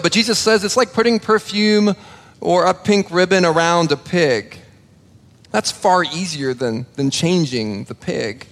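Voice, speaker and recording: A man's voice: high voice, a bit bright. Man preaching in a reverberant hall. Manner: conversational preaching with stammered restarts and acted dialogue. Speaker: pastor. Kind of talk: sermon.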